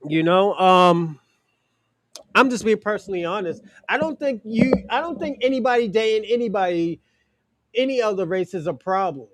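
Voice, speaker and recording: A man's voice: sits high, expressive, normal speed, fairly bright tone. A man hosting a podcast who gives blunt, profane opinions in casual talk and speaks straight to his co-hosts. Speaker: podcast host.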